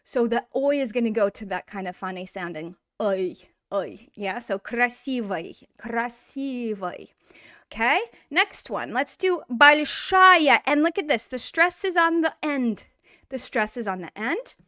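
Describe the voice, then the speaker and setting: A woman teaching a language lesson in a casual, explanatory way, repeating words slowly to model pronunciation. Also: on the high side, animated, no room sound, clean studio sound.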